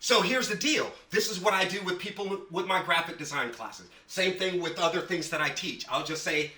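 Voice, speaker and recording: Emphatic male writing instructor, higher voice, casual class talk, echoey room mic. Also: expressive, moderate pace, bright, forceful tone, far from the mic. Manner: emphatic, repeats words for stress.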